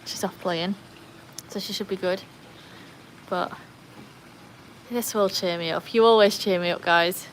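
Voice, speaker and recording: A British woman hosting a casual livestream by her backyard pool, chatting and laughing often, cooing at her dogs in a high voice. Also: steady tone, unhurried, pauses often, a little hiss or hum. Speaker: livestream host.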